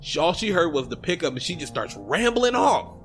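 A podcast co-host with a voice on the high side casually recaps a film in chat at a fairly quick pace. He's animated and profane, swearing freely and acting out the characters' lines, with soft background music.

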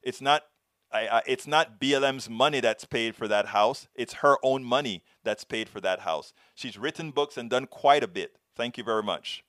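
A man with a foreign accent hosting a show, telling a story in earnest, halting commentary. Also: medium pitch, fairly bright tone, dry recording, clean studio sound. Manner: earnest, halting, many restarts. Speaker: show host answering viewer questions.

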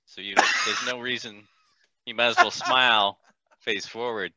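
A man's voice: medium pitch, steady tone, normal speed, sharp tone, slight background noise, poor audio. A man co-hosting a casual podcast, dropping dry, teasing asides. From a big US city.

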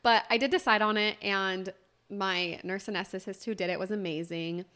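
Young woman co-host, animated storyteller, casual chat, mid pitch. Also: moderate pace. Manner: chatty, animated storytelling with quoted voices. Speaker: podcast co-host.

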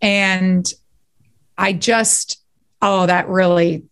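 A woman, a guest actor and writer, telling stories in a casual podcast interview in animated, quick bursts. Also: fairly low pitch, smooth.

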